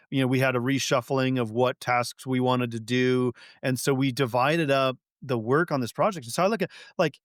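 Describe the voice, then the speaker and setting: A man in casual conversation as a podcast guest, talking in an animated, rambling way full of fillers and restarts. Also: mid-range voice, smooth, dry recording, studio quality.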